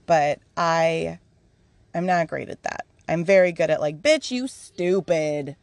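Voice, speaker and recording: A woman's voice: low-pitched, flat delivery, measured pace, creaky, no echo. A woman hosting a podcast in a casual, candid monologue, laughing often as she shares. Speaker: podcast host.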